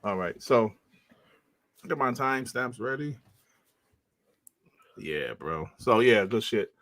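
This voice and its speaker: A man's voice: mid-range voice, expressive, takes it slowly, a bit bright, dry recording. Profane, easygoing man hosting a podcast. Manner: loose and profane, calls others bro. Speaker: podcast host. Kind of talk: casual chat.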